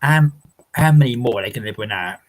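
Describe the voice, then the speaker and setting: Fairly quick and lively in intonation, this medium-pitched host runs a casual livestream from his house. He rambles while reading viewer comments, laughing often and swearing occasionally, and the audio is poor.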